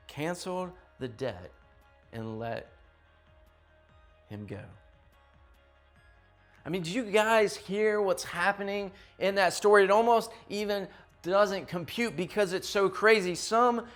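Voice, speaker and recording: A man's voice: high voice, a bit bright. A young man preaching a youth sermon in an emphatic, conversational way, often checking in with his listeners. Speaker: youth pastor.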